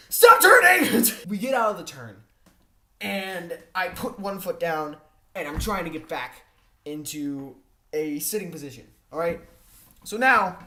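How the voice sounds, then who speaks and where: Animated woman telling a comic mishap. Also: sits low. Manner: animated and exaggerated, with frequent "all right?" check-ins; mild exasperated cursing. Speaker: storyteller. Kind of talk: comedic personal storytelling.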